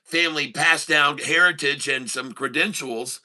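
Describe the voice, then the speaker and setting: Polite frog asking for a loan, plain storytelling voice, bright tone, as a man tells it in a joke. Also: on the high side, a little slow. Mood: matter-of-fact. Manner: told in a joke with matter-of-fact delivery.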